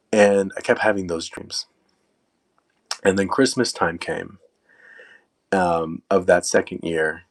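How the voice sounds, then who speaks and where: A young man telling a personal story in a casual, animated way, acting out quoted lines. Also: deep voice. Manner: casual, animated retelling with quoted asides and fillers. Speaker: storyteller guest.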